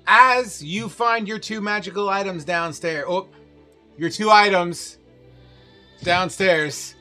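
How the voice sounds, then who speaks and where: Man, game master narrating, bright tone, slow unhurried delivery, light music underneath. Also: high voice. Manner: loose, laughing asides while narrating.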